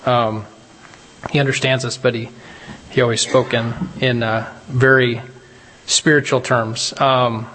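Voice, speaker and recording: A man's voice: medium pitch, flat delivery, measured pace, long pauses, fairly bright tone, big-room sound, slight background noise. A man preaching a casual, conversational sermon, often checking in with his listeners and laughing at his own retellings.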